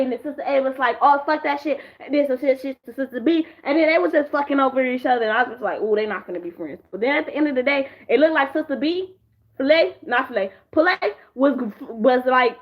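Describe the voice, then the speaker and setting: High-voiced woman, animated, profane storytelling. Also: lo-fi sound. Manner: animated, acts out characters in squeals, swears a lot. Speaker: vlogger reviewing shows. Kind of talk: casual chat, profane storytelling. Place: sitting in a chair at home.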